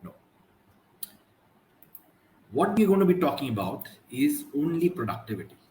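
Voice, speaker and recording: A man's voice: on the high side, sing-song, mellow. Chatty Indian-accented man hosting a live talk. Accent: Indian English. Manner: chatty, mixes English with quick Hindi asides. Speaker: host of a live productivity talk. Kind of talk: casual live-stream talk. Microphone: live stream from computer. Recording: roomy echo, faint background noise.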